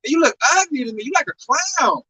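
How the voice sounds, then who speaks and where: A man's voice: very high voice, animated, fast talker, pushed and bright, slightly rough. A man giving a casual religious talk in an emphatic, repetitive way, often tacking on "man" at the end of a phrase. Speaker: religious teacher. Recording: distant mic with faint noise.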